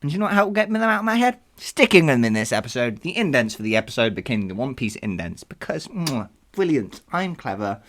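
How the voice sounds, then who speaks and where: A man hosting a podcast, talking casually about past episodes in an animated, self-deprecating way and laughing at himself. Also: mid-range voice, quick pace, few pauses. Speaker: podcast host. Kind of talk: casual retrospective chat.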